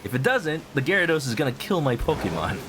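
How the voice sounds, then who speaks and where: Lively, playful male game streamer. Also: a little high, quick pace, background noise. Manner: chatty, playful, hums and scats to himself. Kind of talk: casual game commentary. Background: game music.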